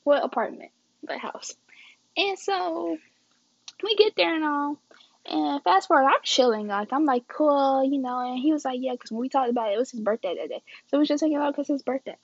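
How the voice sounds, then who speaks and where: Speaking quickly in a high voice with vocal fry, a young woman spins a casual, slangy story for her viewers, hamming up the quoted dialogue and calling them "guys" and "y'all." The audio is dull, with no room sound.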